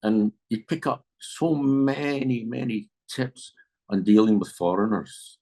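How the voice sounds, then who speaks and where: A man in his seventies, a guest in an interview, telling lively anecdotes in a casual way. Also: medium pitch, slow, rough recording. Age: 70s. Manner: chatty, animated anecdotes with quoted voices. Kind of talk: casual storytelling.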